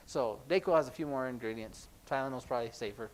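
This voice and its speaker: A man's voice: medium pitch, fast talker, few pauses, rough recording. A man teaching a sign language class at church, chatty and rambling with jokey asides.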